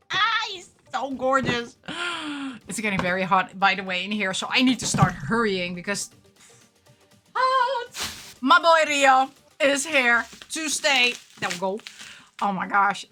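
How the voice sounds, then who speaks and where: A woman vlogger chatting casually while unboxing figures, excitable and gushing, often gasping and laughing. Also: on the high side. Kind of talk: casual chat.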